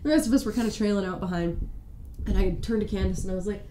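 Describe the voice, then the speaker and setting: A woman co-hosting a podcast, telling a funny story in an animated, giggly way. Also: medium pitch, fast talker. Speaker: podcast co-host. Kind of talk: casual chat, storytelling. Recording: echoey room with faint noise.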